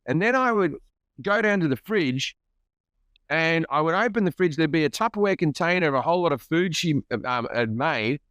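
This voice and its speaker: A man's voice: a little high, expressive, normal speed, a bit bright, clear, resonant tone, no room sound. A man guesting on a casual podcast chat, telling self-mocking stories with stammering restarts. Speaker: guest comedian.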